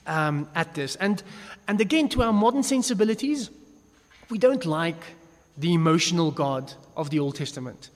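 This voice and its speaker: A man's voice: fairly high pitch, animated, moderate pace. A man giving a casual, joking Bible lesson, with frequent restarts as he talks. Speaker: Bible teacher. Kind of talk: casual teaching talk. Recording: long echo of a reverberant hall.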